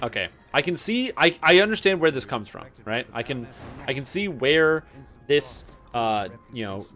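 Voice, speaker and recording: A man's voice: medium pitch, expressive, moderate pace, fairly bright tone. A man streaming a game, chatting casually and breaking into joking, incredulous rants. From Canada. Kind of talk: casual gameplay chat.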